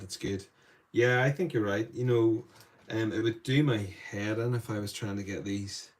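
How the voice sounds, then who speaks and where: A man with a fairly low voice paints live for a stream in an indoor studio, narrating each step softly as though musing to himself. When he says hello to viewers or responds to chat questions, his voice perks up.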